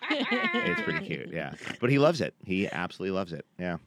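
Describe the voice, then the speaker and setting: A man's voice: deep voice, wildly swooping pitch, fairly quick, a loud crowd. A man in his fifties chatting casually as a podcast co-host, self-deprecating and chatty. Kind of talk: casual chat.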